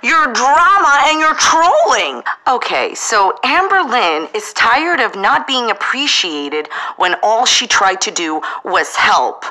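Bright-voiced, indignant woman commentator. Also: fairly high pitch, very animated, takes it slowly, few pauses, rough recording. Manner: indignant, repeats "in my opinion". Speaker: drama commentary host. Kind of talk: opinionated reaction commentary.

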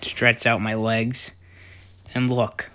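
A man's voice: mid-range voice, slow pace. Rambling young man narrating gameplay. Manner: rambling, many fillers, excitable outbursts. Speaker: gaming YouTuber. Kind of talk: casual gameplay commentary.

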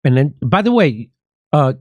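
A man's voice: medium pitch, sing-song, normal speed, darkish tone, no room sound. A man hosting a casual political commentary show, sarcastic and riffing with his co-host.

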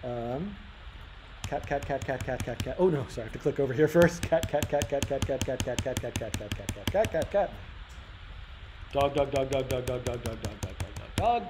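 At medium pitch and a moderate pace, an animated man teaches a live-coding workshop, reasoning aloud with many fillers and restarts. The sound is roomy live-stream audio from a workshop room, with a bit of faint room noise.

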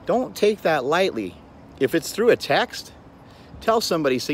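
A man's voice: a little high, very animated, normal speed, slight background noise. A man giving a blunt, preachy, profane motivational talk as the host of his own show, recorded on a phone outdoors. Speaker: gym owner and show host. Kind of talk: motivational monologue.

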